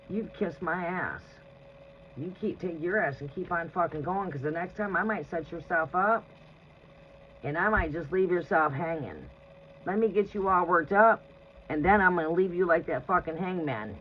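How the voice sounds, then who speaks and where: Blunt, foul-mouthed tarot reader who laughs a lot, casual live-stream advice, dull lo-fi audio with faint noise. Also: medium pitch. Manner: blunt and profane, laughs often.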